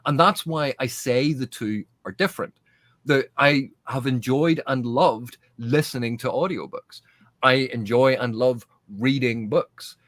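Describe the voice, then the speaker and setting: A man's voice: mid-range voice, measured pace, fairly bright tone, no echo. A man in a casual podcast panel discussion, making his points earnestly and emphatically, often restarting mid-phrase. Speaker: podcast guest.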